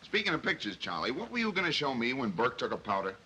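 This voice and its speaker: A brash, impatient police inspector barks orders and tosses off wisecracks. His voice is bright and cutting, and its pitch leaps around. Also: wildly swooping pitch, fast talker, slight background noise, rough recording. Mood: gruff. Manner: gruff, wisecracking, barking orders. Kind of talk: 1930s film acting.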